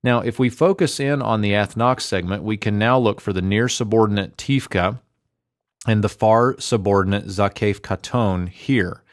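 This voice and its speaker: Low-voiced man teaching Hebrew grammar. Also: no room sound, studio quality. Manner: measured, methodical explaining. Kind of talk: explanatory grammar lesson.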